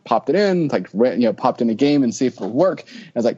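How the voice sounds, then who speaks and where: A man with a husky voice chats casually, swearing and acting out his reactions with a voice that jumps up and down. The audio sounds dull and lo-fi. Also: mid-range voice, quick pace. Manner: animated, swears, acts out reactions. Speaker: podcast co-host. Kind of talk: casual chat.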